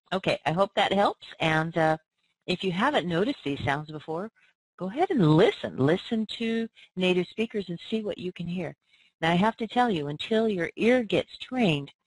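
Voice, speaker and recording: A woman's voice: low-pitched, no room sound, rough recording. A woman, coaching pronunciation by answering listener questions and patiently modeling sounds and words aloud.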